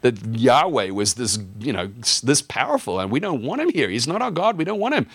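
A man's voice: mid-range voice, big pitch swings, brisk, slightly rough, no echo. A man voicing a group of worried ancient Philistine lords who talk over what to do, as an aside in a Bible lesson. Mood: anxious. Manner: anxious, talking it over among themselves.

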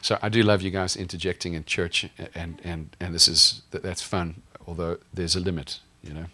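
A man's voice: low-pitched, flat delivery, moderate pace, bright, forceful tone. A male pastor preaching a sermon in a conversational, humorous way, often asking the congregation questions.

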